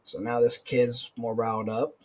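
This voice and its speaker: Man, young, husky voice, casual profane storyteller. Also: medium pitch, little pitch movement, normal speed, rough recording. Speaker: podcast co-host, corrections officer.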